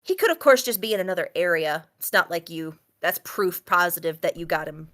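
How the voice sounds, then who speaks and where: A woman's voice: fairly low pitch, lively intonation, a little fast, fairly bright tone. A woman narrating as game master for a tabletop game, rambling with many fillers and frequent laughs.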